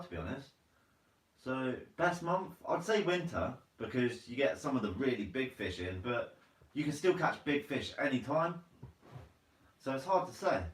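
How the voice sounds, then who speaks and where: A man's voice: medium pitch, far from the mic. Laid-back man chatting on a live stream. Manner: casual and chatty, says mate a lot. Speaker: fishing channel host. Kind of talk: live stream chat, reading comments. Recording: roomy, from away from the mic.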